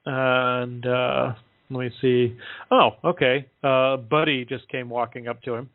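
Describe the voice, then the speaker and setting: A man talking casually on a call-in show, halting often with fillers as he relays what he is told. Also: medium pitch, flat delivery, no echo. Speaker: guest relaying contact reports. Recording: dry tinny phone line.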